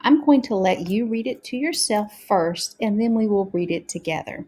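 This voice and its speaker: A woman teaching a reading lesson to young learners, sounding out words slowly and carefully. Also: mid-range voice, expressive, a little mellow, breathy edge.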